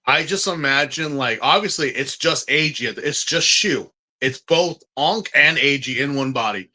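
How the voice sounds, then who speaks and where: Bright-voiced excitable man chatting. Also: on the high side. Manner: excitable, rambling with many restarts and fillers. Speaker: podcast co-host. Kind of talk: casual fan chat.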